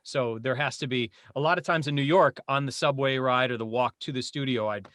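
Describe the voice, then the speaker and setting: A man in his forties, a voice actor guest chatting casually on a podcast, animated and laughing often. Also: medium pitch, brisk, no room sound.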